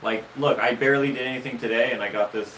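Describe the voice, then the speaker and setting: A male livestream host casually tells stories, rambling and restarting his sentences. He talks fast in a medium-pitched, steady, fairly bright voice, recorded on a roomy, distant mic with faint noise.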